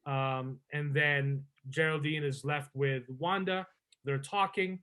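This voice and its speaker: Bright-voiced man recapping a show. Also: fairly high pitch, steady tone, slow, clear, resonant tone. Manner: retells scenes in a loose flow, with "before you know it" and "um". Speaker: podcast host. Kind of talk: casual movie review chat.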